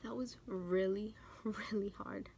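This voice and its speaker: A young woman talking through her tears while doing her makeup on camera, halting and restarting often. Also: mid-range voice, fairly even intonation, gravelly, dark tone, a little hiss or hum. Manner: tearful, halting, many restarts and fillers. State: close to tears. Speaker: beauty vlogger. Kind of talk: emotional talk during a makeup tutorial.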